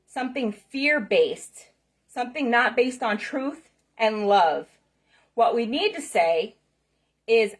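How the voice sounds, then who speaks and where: A middle-aged woman giving an emphatic motivational talk to camera, passionate and repetitive, checking in with "okay?" and "right?". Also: a little high. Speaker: spiritual self-help speaker.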